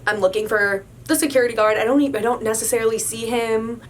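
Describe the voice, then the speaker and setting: A woman's voice: fairly high pitch, quick pace, slight background noise. Chatty young woman telling a story. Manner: animated, emphatic retelling with many "like"s. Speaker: storyteller recounting a work incident. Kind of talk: casual storytime monologue.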